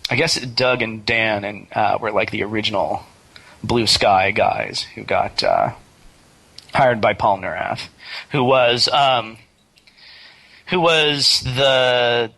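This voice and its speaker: A middle-aged man in a casual interview, talking in a relaxed way and often stopping to restart a thought. His voice sits fairly low yet sounds bright and forward. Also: slow pace, rough recording. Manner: relaxed, hesitant with many fillers and restarts. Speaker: interview guest, game developer.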